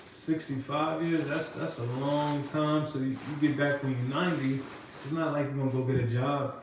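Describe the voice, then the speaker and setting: A man's voice: mid-range voice, steady tone, normal speed. A man co-hosting a casual recap chat, talking in a laid-back, questioning way. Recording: echoey room, mic at a distance, noisy.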